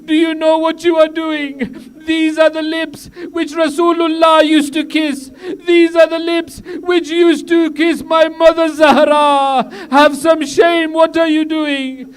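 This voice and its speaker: A man's voice: very high-pitched, little pitch movement, takes it slowly, hardly any pauses, voice pushed up. A male preacher voicing a grieving, defiant noblewoman who rebukes a tyrant in an anguished, raised voice.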